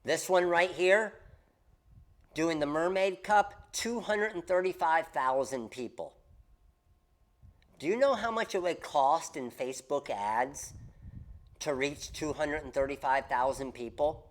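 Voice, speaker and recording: Guy hosting a craft livestream, kinda high voice, hypes it up and keeps repeating his point. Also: unhurried. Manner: animated, emphatic, repeats key points. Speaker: host of a craft business livestream. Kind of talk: casual livestream coaching.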